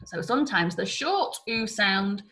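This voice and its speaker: A woman's voice: mid-range voice, lively intonation, unhurried, sharp tone. A woman with a regional English accent teaching young children a phonics lesson, encouraging them to repeat sounds after her. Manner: encouraging call-and-response teaching.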